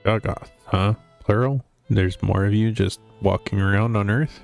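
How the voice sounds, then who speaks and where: A man's voice: lowish voice, steady tone, measured pace, creaky, a little mellow. A man streaming a game, reading its lines aloud in a dry, wry way. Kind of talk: reading a visual novel aloud. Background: faint game music.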